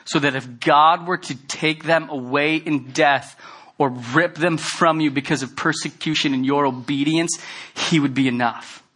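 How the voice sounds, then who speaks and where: Bright-voiced, earnest male preacher. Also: fairly high pitch, steady tone, unhurried, husky. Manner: earnest, conversational preaching that swells into loud emphatic bursts. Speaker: pastor. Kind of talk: sermon.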